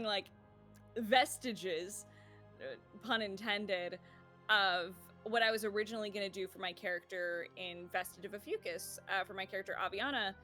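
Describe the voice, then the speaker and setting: A woman's voice: mid-range voice, pushed and bright. A woman player of a tabletop game chatting casually about her character's voice, with many fillers and laughs.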